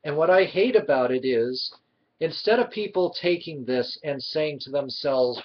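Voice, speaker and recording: Guy vlogging his opinions, kinda husky, sarcastic rant, muffled lo-fi sound. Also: a little high, expressive, moderate pace. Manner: heated, sarcastic ranting. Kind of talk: opinionated commentary. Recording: dull lo-fi recording.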